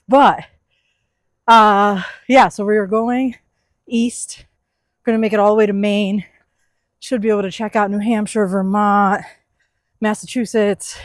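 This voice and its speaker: A woman's voice: mid-range voice, steady tone, a little slow, long pauses, dry recording, studio quality. A young woman from the US East Coast, talking candidly to camera in a casual vlog. She is reflective and uses many fillers like "like" and "you know.". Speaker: van life vlogger.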